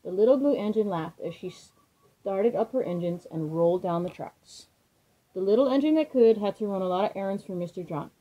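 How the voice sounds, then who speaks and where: A woman reads a children's storybook aloud gently and expressively, her medium-pitched voice at a moderate pace. The audio sounds dull.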